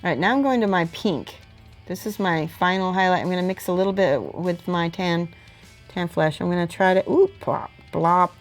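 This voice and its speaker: A woman livestreaming as she paints miniatures, reading viewer messages aloud and thinking out loud between brushstrokes. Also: lowish voice, brisk, soft background music. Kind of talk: casual livestream chat while painting.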